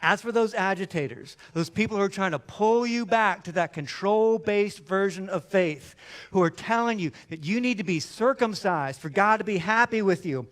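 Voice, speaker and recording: A male pastor preaching a sermon in a conversational, animated way, acting out little back-and-forth exchanges. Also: high voice, moderate pace.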